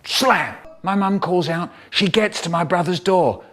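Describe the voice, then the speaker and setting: A man reading a comic children's story aloud in an animated, playful way. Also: high-pitched, unhurried. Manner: animated, playful, voices the characters.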